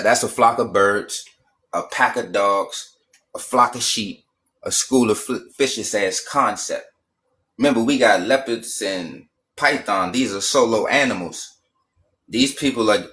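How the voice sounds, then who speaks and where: A man's voice: fairly low pitch, a bit bright. A man in a heated casual rant, profane and emphatic. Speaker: streamer.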